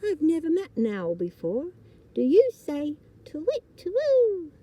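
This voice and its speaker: A woman's voice: high-pitched, wildly swooping pitch, measured pace, mellow, voice pushed up, heavily acted. Woman playing a bossy know-it-all little girl. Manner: matter-of-fact, know-it-all. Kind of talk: storybook reading.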